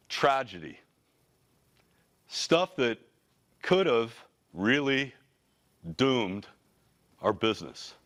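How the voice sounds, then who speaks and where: A man in his forties, a company CEO, giving a motivational talk with energetic, casual and slangy storytelling. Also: medium pitch. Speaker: company CEO, guest speaker.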